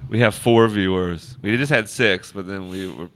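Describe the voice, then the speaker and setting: A man's voice: sits low, normal speed. A man in his thirties co-hosting a casual podcast, joking around and laughing a lot. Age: 30s. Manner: jokey, laughs a lot, breaks into silly put-on voices. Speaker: podcast co-host. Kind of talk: casual live-stream podcast chat.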